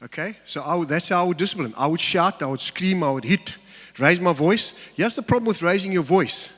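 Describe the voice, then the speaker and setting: A man's voice: sits high, animated, a little fast, fairly bright tone. A middle-aged man preaching a sermon, telling stories with humor and acting out asides. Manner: humorous storytelling with acted-out asides. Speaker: pastor. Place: church hall. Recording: long reverb of a church hall.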